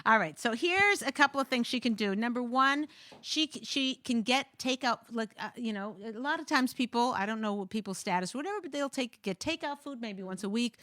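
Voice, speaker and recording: A woman's voice: a little high, lively intonation, fairly quick, sharp tone, dry recording. A woman hosting a talk show, giving marriage advice in a jokey, thinking-aloud way with many restarts.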